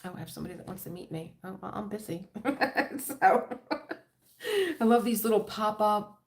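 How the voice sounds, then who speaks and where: A woman's voice: mid-range voice, animated, normal speed. A middle-aged woman with a Philadelphia accent chatting casually on a crafting livestream, rambling and laughing often. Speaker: diamond painting livestream host.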